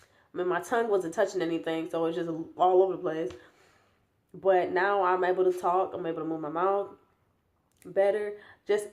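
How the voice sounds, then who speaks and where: Speaking at a normal speed in a lowish, steady, darkish voice, this young woman gives a rambling, casual vlog update. She's tired and yawns, and new braces give her a slight lisp. Her chatty delivery is packed with fillers and false starts.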